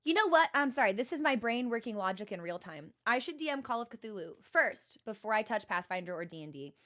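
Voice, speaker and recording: A woman's voice: fairly high pitch, very animated, brisk, fairly bright tone. A young woman streaming and chatting with viewers, rambling and self-deprecating, often restarting her sentences. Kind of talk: casual chat with stream viewers.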